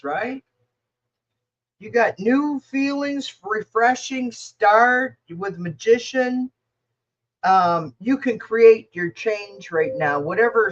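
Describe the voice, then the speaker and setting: A woman's voice: mid-range voice, muffled recording. A woman reading tarot cards for viewers in a casual livestream, rambling, blunt and emotional as she talks to the chat. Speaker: tarot reader answering viewer questions.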